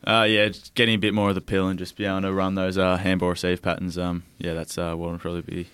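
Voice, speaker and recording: Hesitant young Australian man, smooth voice. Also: deep voice, monotone, fairly bright tone, dry recording. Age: young adult. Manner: hesitant, full of pauses and fillers. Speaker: footballer guest. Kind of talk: casual podcast interview.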